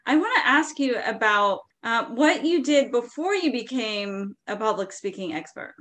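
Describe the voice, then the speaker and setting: A woman from San Diego hosting an interview, chatty and relaxed, dropping fillers as she talks. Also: a little high, moderate pace. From San Diego, California. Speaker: interviewer, host. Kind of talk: conversational interview.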